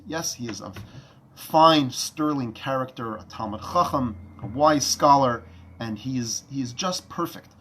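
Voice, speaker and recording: A male Torah teacher telling a story with lively, animated delivery. His voice is bright and forceful and sits at a middle pitch. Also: moderate pace, a little hiss or hum. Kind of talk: storytelling lesson.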